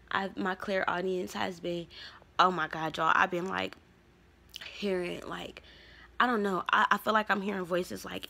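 A young adult woman vlogging a casual storytime, rambling, candid and profane, drifting between soft murmurs and louder bursts. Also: lowish voice, gravelly.

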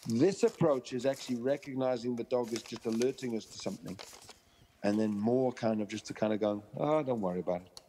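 In a podcast interview, a dog trainer animatedly recounts stories, performing the voices of dogs and people alike. His medium-pitched voice is brisk, with a long reverb tail and slight background noise.

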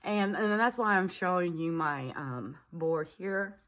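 A woman talking to her own camera at home in a personal vlog, nervous and tearful, halting with fillers and a shaky voice. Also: lowish voice, fairly bright tone. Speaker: vlogger. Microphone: camera mic.

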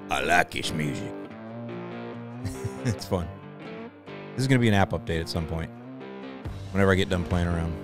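A man's voice: low voice, expressive, moderate pace, pauses often. A man hosting a podcast, talking casually and playfully, laughing often and rambling. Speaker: podcast host. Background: faint music.

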